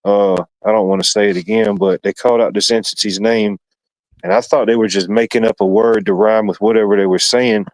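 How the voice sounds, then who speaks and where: A low-voiced man recounts a story to friends in a relaxed, halting way, filling pauses with ums. The recording is close and dry. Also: no room sound, rough recording. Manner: relaxed, hesitant, many ums and uhs. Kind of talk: casual storytelling in a group chat.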